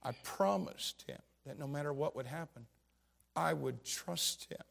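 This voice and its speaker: A man preaching a sermon, retelling a story and quoting the people in it, his voice swinging from low and quiet to loud shouts. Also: unhurried, vocal fry.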